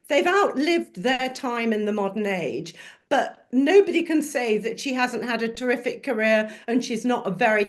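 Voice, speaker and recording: An older woman on a discussion panel, talking animatedly and telling anecdotes. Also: fairly high pitch. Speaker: panel guest.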